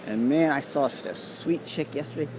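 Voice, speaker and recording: A man's voice: fairly high pitch, moderate pace, background noise. A man walking outdoors along a city street, delivering a profane, conspiratorial rambling monologue. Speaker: street vlogger.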